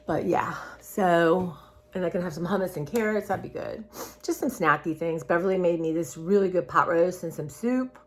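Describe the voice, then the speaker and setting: A woman in her sixties with a slightly low voice talks casually to camera. She rambles from one thought to the next, loose and chatty, and calls her viewers y'all. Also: moderate pace. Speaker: vlogger.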